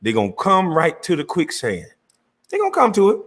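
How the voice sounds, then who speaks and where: A middle-aged man hosting his own channel, delivering an angry, profane rant to camera, mocking and confrontational, breaking into laughs and shouts. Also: fairly high pitch, wildly swooping pitch, a little fast. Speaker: channel host. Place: Georgia, USA.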